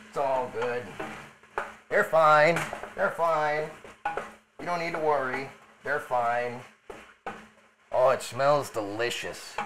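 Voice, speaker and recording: A man's voice: medium pitch, close to an everyday voice, poor audio. A man streaming live as a mild, rambling Italian TV detective while he cooks chili, muttering asides to himself over faint music. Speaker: streamer cooking chili in character. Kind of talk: live cooking stream, in character.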